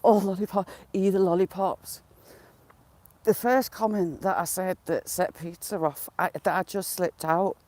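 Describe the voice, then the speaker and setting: A woman's voice: on the low side, steady tone, unhurried, darkish tone. A middle-aged woman chatting casually to her live viewers while walking her dog outdoors, often breaking into giggles. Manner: giggly, keeps breaking into laughter.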